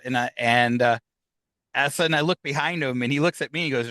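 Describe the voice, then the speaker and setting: A man's voice: medium pitch, pushed and bright, dry recording, rough recording. A man from Upstate New York, a guest in a podcast interview, telling a long story with many fillers and restarts and acting out what other people said. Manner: rambling, halting with fillers and restarts; acts out other people's lines as he tells the story.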